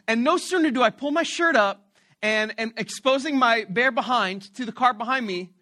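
A man preaching a sermon who tells a story about himself in an animated, playful and self-mocking way. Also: very high voice, normal speed. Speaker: pastor.

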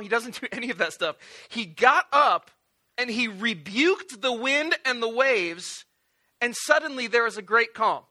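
A male pastor preaching a sermon in an animated, joking storytelling way, acting out little voices. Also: extremely high pitch, normal speed.

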